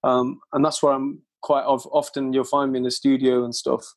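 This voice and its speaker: A man's voice: medium pitch, level tone, normal speed. A young man, a guest chatting in a laid-back, slangy way during an interview. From Leicester, England. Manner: laid-back, swears and laughs often, slangy. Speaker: guest lyricist. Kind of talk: casual interview chat.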